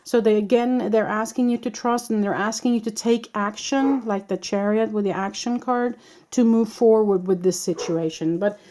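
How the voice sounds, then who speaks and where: A woman reads tarot cards for her viewers in a soft, mellow voice at a middle pitch. She speaks in a reassuring, meandering way and often stops to gather her thoughts. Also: slight background noise. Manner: reassuring, meandering, with many pauses. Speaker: tarot reader.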